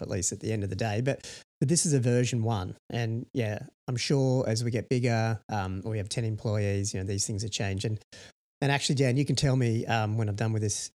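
A man's voice: mid-range voice, a little mellow. A man co-hosting a startup podcast in casual chat, rambling and full of "you know" fillers. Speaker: podcast co-host, startup founder.

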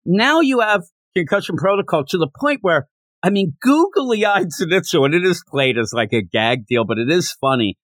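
A man's voice: high-pitched, big pitch swings, moderate pace, fairly bright tone, no echo. A man co-hosting a podcast, chatting casually as he recaps a manga chapter and slips into character voices while retelling it. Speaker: podcast co-host.

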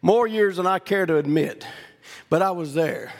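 With a Southern accent, a middle-aged man from Louisiana preaches in a folksy, anecdotal way, restarting frequently and rising to shouted climaxes. He has a high voice, speaks at a normal speed, and is heard in a large hall.

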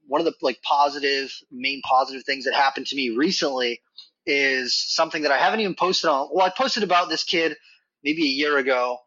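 A reptile facility worker guests on a podcast, telling a casual, rambling story full of "like" and "you know." His mid-range voice is pushed and bright, and the recording is dry, dull, and lo-fi.

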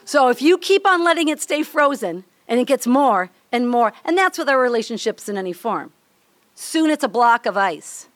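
Older Midwestern woman, high and bright, candid devotional speaker, dry close sound. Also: sing-song, moderate pace, dry recording. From Minnesota. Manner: chatty, candid, laughs often, acts out little scenes. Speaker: women's ministry speaker. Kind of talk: devotional teaching talk.

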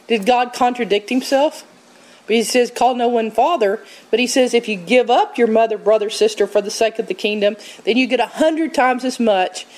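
Woman teaching bible stuff, kinda high voice, chatty and animated, does little voices when quoting. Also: poor audio. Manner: animated, conversational, quotes scripture and people in shifting voices.

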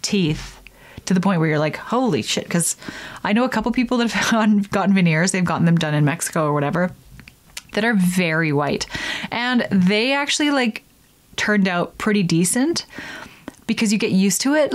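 A young woman chats casually as the host of her own podcast. She is animated and talkative, and she drops into silly voices when she quotes people. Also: mid-range voice. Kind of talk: casual solo podcast chat.

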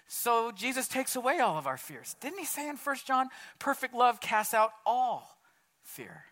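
A male pastor delivers a heartfelt sermon, his voice sitting high and ringing bright. He talks in a relaxed, everyday way, often calling his listeners "man". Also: a little slow. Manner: casual, earnest preaching, says "man" often.

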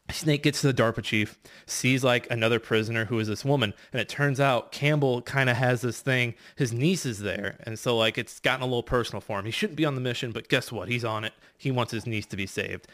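A man's voice: mid-range voice, a little fast, fairly bright tone. A man racing through a casual game recap, rambling and profane, full of fillers and restarts. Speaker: podcast competitor recapping a game.

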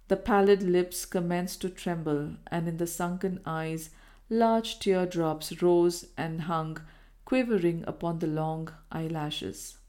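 A woman narrating a Victorian novel as an audiobook, in a measured storytelling manner. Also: fairly low pitch, dark tone. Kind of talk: scripted narration.

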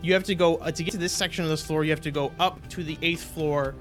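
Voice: mid-range voice, steady tone, quick pace, soft background music. Rambling, chuckling game master. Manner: rambling, laughing narration. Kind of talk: narrating a tabletop game.

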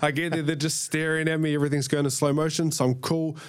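A man in his thirties from New Zealand with a New Zealand accent, telling a story in casual chat, animated and swearing freely as he acts out scenes. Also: a little high, fast, smooth. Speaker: guest, fighter.

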